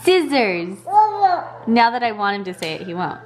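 A woman's voice: mid-range voice, animated, normal speed. A woman filming a home vlog, talking in sing-song baby talk to her toddler and chatting to viewers. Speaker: vlogger mom.

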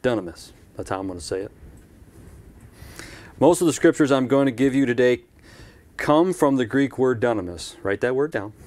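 A man's voice: medium pitch, animated, moderate pace, pauses often, a little mellow. A man preaching a live-streamed church sermon in a conversational way, with asides and repeated phrases.

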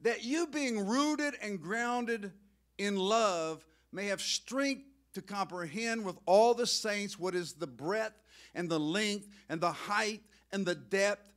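A male pastor preaching a sermon in a church, emotional and excitable, rising to loud outbursts. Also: high-pitched. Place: church sanctuary.

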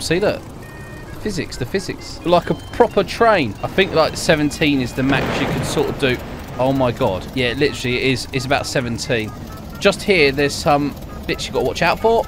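A young man giving jokey, excitable commentary over his own gameplay, laughing often. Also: mid-range voice, moderate pace, music in the background. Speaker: gaming YouTuber.

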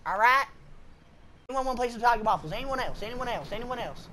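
A woman's voice: a little high, animated, very fast, a little hiss or hum. Rowdy, profane woman gamer on voice chat. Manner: loud, goofy and profane, drawling y'all and feller. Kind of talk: rowdy party chat while gaming.

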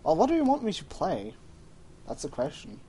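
A man's voice: fairly high pitch, wildly swooping pitch, moderate pace, mellow. Give me a male game streamer in casual chat, self-correcting and laughing easily, with faint background noise. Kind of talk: casual gaming livestream chat.

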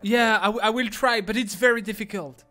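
A man's voice: high-pitched, sharp tone, faint music behind. A young man from France streaming a game, joking and mocking himself in casual chat, switching between French and English with a French accent. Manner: joking, self-mocking, quick restarts.

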